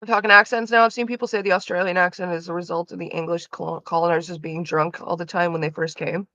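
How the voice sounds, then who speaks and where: A woman's voice: fairly low pitch, steady tone, fast, sharp tone, no echo, dull audio. A woman streamer chatting casually with her viewers, rambling with lots of "like" fillers. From Canada.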